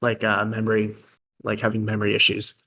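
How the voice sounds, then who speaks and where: A man's voice: lowish voice, monotone, a little fast, pushed and bright. A young man co-hosting a podcast, joking around in casual, crude banter. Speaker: podcast co-host. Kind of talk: casual chat.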